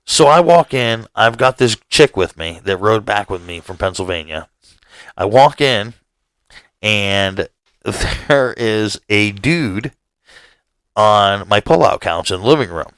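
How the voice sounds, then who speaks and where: A man's voice: on the low side, lively intonation, slow pace, a bit bright, clear, resonant tone, no echo. A man co-hosting a podcast, telling a rambling, profanity-laced story in casual chat and laughing through it. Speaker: podcast co-host.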